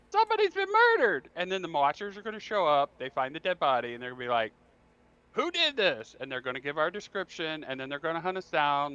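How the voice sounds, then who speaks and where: Casting: forceful, bright-voiced man player, emphatic, lo-fi mic. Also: a little high, clean tone. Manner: emphatic, ranting. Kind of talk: casual game chat.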